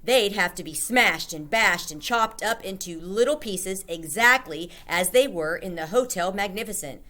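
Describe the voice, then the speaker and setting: A woman's voice: mid-range voice, expressive, moderate pace, pushed and bright. A woman voicing a bold, spirited old grandmother in a children's book read-aloud, emphatic and exclamatory. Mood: determined.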